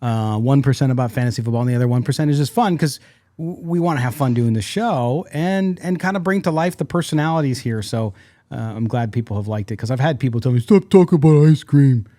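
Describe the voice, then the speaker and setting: A man co-hosting a sports podcast, talking casually and jokily with quick asides and restarts. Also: mid-range voice, dark tone, no room sound, studio quality. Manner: rambling, jokey, quick asides. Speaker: podcast co-host.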